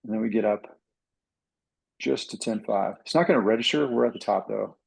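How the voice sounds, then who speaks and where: A man with a gravelly, somewhat husky voice tells a flying story to a club audience. He talks casually and with energy, and he acts out the radio calls as he goes. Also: on the low side, brisk, rough recording. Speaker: pilot and flight instructor. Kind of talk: casual talk to a pilots' club.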